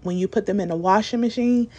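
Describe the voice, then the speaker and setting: A woman's voice: mid-range voice, a little mellow. A young woman recording a casual, chatty voice-over for a home DIY tutorial, talking informally with many fillers. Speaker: DIY video creator.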